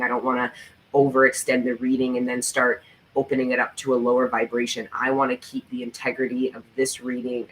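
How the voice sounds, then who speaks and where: A man's voice: medium pitch, a bit bright, a little hiss or hum, rough recording. Fervent, cursing male tarot reader. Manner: emphatic, profane motivational talk; repetitive, fervent encouragement. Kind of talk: tarot reading vlog.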